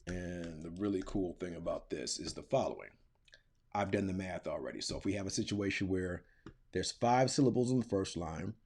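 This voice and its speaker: A man's voice: fairly low pitch, darkish tone, husky. A middle-aged man teaching, walking through a lesson in a casual, thinking-aloud way, with filler words and slang. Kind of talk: screen-recorded classroom tutorial.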